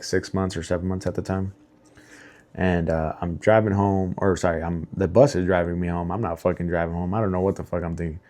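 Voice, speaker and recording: A young man with a very low voice talks straight to his audience, telling his story in a loose, rambling way. He swears freely, restarts his sentences and fills the gaps with "like", and he speaks openly about what he felt. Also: a little mellow. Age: young adult. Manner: rambling, heavy swearing, lots of fillers and restarts; emotional, candid. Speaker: vlogger. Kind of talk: casual storytelling to camera.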